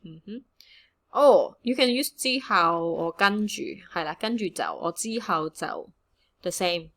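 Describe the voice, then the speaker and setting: A woman teaching a casual online language lesson, chatty and relaxed, mixing English and with frequent fillers. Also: lowish voice, measured pace. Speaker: Cantonese teacher.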